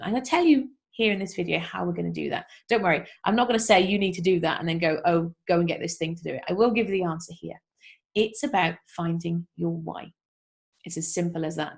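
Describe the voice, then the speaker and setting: Female podcast host, mid-pitched voice with some vocal fry, upbeat and chatty, encouraging self-help tone. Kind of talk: casual motivational talk to listeners.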